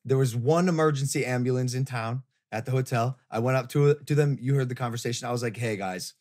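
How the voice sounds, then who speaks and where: A young man hosting a podcast, telling a story in a casual, animated way with some swearing. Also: medium pitch, quick pace. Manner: animated, swearing, retelling a rough night. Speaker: podcast host.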